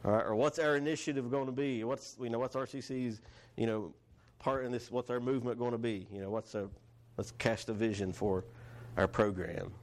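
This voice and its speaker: A man's voice: mid-range voice, fairly even intonation, a little fast. Guy preaching, chatty, keeps checking in with the room, right?. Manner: conversational, repeats and restarts phrases, asks the congregation questions. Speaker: pastor. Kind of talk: sermon.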